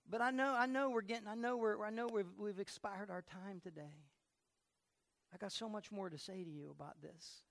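Animated woman pastor preaching, dry sound. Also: mid-range voice, moderate pace, no room sound. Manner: animated preaching, asks the congregation questions and laughs often. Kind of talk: sermon. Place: church sanctuary.

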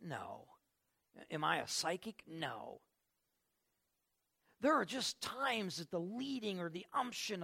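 An older male pastor gives a folksy, conversational sermon, dropping into soft asides and then lifting his voice for emphasis. His voice is slightly high with a gravelly grain.

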